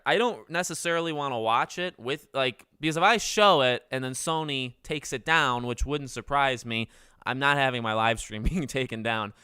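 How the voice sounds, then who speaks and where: A man's voice: mid-range voice, sharp tone, smooth, no echo, studio quality. A man in his twenties hosting a casual livestream, chatting with viewers in a rambling, self-correcting way. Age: 20s. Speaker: livestream host.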